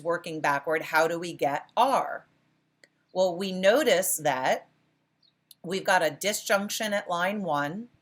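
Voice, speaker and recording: A woman instructor leading a class, encouraging her students and often praising and restarting her sentences. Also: on the low side. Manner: self-correcting restarts. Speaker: college philosophy instructor. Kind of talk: interactive class lecture.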